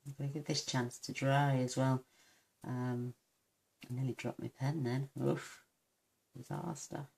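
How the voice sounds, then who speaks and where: A woman from the United Kingdom demonstrating card making, soft-spoken and mumbling to herself, gushing over her work. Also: very deep voice, little pitch movement, a little slow, vocal fry, pauses often, husky. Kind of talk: crafting tutorial.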